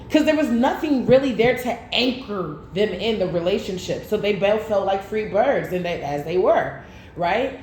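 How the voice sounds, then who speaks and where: A woman's voice: mid-range voice, lively intonation, moderate pace, darkish tone. A woman tarot reader speaks straight to her viewers in loose, slangy casual chat. She tells the story with lots of animation. The room is echoey, with a faint hiss underneath.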